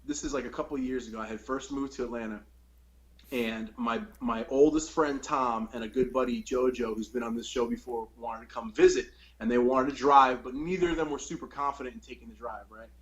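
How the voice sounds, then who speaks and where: A man's voice: medium pitch, fairly quick, rough recording. A young man hosting a podcast, telling a long story in a rambling, profane, casual way. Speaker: podcast host.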